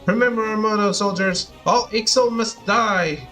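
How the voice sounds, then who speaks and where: A man putting on a bloodthirsty mercenary boss in a fantasy game, crude and threatening. The voice stays high for a man, and light music hums behind it. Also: a little slow, sharp tone. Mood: menacing. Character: brutal, bloodthirsty mercenary leader.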